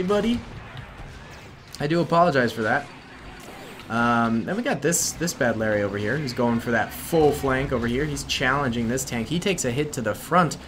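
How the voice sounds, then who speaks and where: A man giving casual gameplay commentary, chatty and excitable, laughing often. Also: medium pitch, background noise. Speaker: gaming YouTuber.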